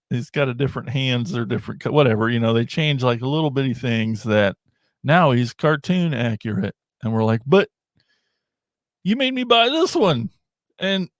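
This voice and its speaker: A man hosting a toy podcast livestream, chatting casually in a rambling, animated way and laughing often. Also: medium pitch, no room sound, studio quality. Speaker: podcast host.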